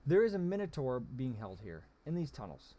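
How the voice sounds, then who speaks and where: A man's voice: mid-range voice, sing-song, normal speed, warm tone. A man voicing a shrewd, calculating male goblin general who explains things at length. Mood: scheming.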